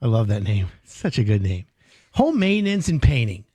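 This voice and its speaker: Lively animated man in his fifties hosting radio. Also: medium pitch, normal speed, husky, no room sound. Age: 50s. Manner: animated storyteller, loud bursts, reads phone number. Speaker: radio show host. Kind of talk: casual radio chat.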